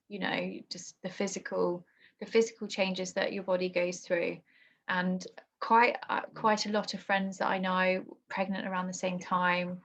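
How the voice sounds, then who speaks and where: Soft-spoken woman, flat delivery. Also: on the low side, vocal fry. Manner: emotional, halting, many restarts and fillers. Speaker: guest. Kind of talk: personal story in conversation. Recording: dull lo-fi podcast audio.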